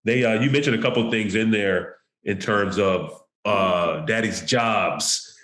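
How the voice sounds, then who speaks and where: A man's voice: on the low side, measured pace, fairly bright tone, roomy sound. A man hosting an interview who affirms his guest often and keeps the talk moving. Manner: encouraging, affirming, with frequent yeahs. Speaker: host.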